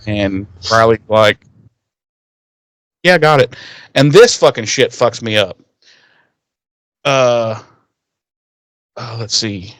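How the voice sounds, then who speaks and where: A man's voice: medium pitch, slow, pauses often, no echo. A man co-hosting a podcast, casually retelling a TV episode with lots of swearing and quoted lines. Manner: profane, animated retelling with quoted character lines. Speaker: podcast co-host. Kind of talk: casual recap chat.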